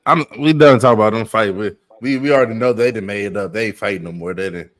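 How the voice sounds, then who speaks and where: A young man co-hosting a casual podcast, chiming in with relaxed, slangy agreement. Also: on the low side, quick pace. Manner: laid-back backchanneling, slangy. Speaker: podcast co-host.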